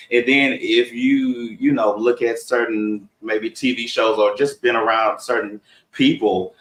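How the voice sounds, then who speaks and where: A man's voice: mid-range voice, steady tone, a little slow, a bit bright, echoey room, recorded from a distance, rough recording. A man from Texas with a Southern accent, chatting casually and rambling as co-host of a live discussion. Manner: rambling, conversational, laughs often.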